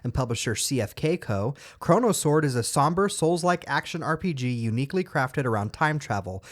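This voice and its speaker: A man co-hosting a podcast, chatting casually and reading game release blurbs quickly, tripping over words now and then. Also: mid-range voice, animated. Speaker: podcast co-host.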